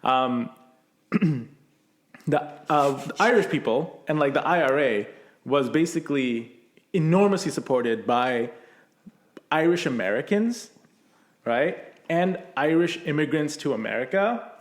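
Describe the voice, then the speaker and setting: Guy chatting on a podcast, kinda high voice, lots of "like", roomy echo. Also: expressive, unhurried, long pauses. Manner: rambling, many "like" fillers. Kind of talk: casual podcast chat.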